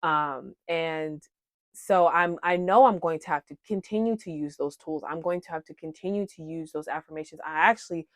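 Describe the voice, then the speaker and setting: Chatty woman, low voice, dry close sound. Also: normal speed, no echo. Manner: frequent "um", addresses viewers as "y'all", laughs at herself. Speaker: wellness vlogger sharing coping skills. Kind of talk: casual heartfelt talk to viewers.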